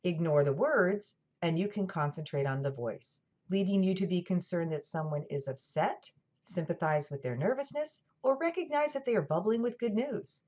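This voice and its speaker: A woman with a General American accent, giving a scripted lecture in a clear, measured way with dry asides. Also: fairly low pitch, a little mellow. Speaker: college lecturer. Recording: dull lo-fi recording.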